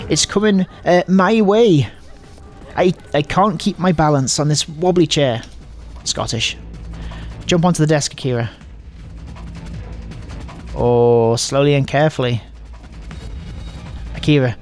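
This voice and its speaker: A man hosting a let's play of a visual novel, reading the game's dialogue aloud in a casual, rambling, self-mocking way. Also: mid-range voice. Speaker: gaming host.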